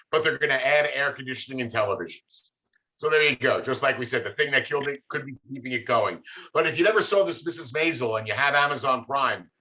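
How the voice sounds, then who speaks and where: Man, film historian presenter, bright tense tone, relaxed rambling delivery. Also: mid-range voice, low-quality recording. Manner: relaxed, filler-heavy storytelling. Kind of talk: casual presentation.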